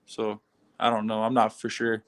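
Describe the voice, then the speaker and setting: A man's voice: on the low side, completely flat delivery, moderate pace. A young man from Canada, a fighter answering interview questions in an easygoing way over a video call. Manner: easygoing, laid-back, with frequent soft laughs.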